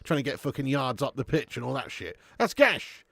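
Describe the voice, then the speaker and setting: A man's voice: medium pitch, very animated, brisk, vocal fry, husky, no echo. A young man hosting a live football watch-along, swearing and bantering with his chat. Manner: sweary banter, bursts into shouting commentary on goals.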